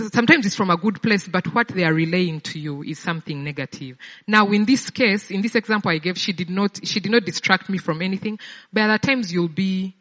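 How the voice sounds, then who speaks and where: A woman's voice: mid-range voice, a bit bright, long reverb tail. A woman giving a sermon-style personal testimony in a conversational way, often repeating words as she searches for them. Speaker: speaker sharing a personal testimony.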